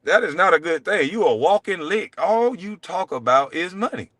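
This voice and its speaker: A man hosting his own show, delivering a heated, profane solo rant, taunting and swinging between loud jabs and low mutters. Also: animated, normal speed, no echo. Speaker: show host.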